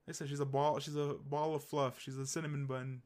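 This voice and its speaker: A man's voice: on the high side, little pitch movement, a little fast, darkish tone. A young man co-hosting a podcast, talking in a rambling, enthusiastic way full of fillers and restarts. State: hiccups. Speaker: podcast co-host. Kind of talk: casual chat.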